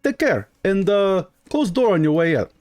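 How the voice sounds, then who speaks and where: A man's voice: high voice, big pitch swings, normal speed, a little mellow, pitched above the performer's own voice. A man voicing a cocky male shopkeeper enchanter in a tabletop game, speaking in broken, foreign-sounding English.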